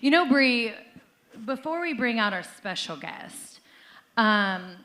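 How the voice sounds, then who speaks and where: Playful high-voiced woman co-host. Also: animated, slow, pushed and bright. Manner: playful, teasing banter. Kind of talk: live-show casual chat. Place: live stage show.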